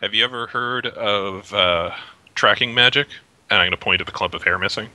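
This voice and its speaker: A man at a tabletop game talks bluntly and swears casually. His voice is very low yet sharp and forceful. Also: fairly quick, dry recording, low-quality recording. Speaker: player.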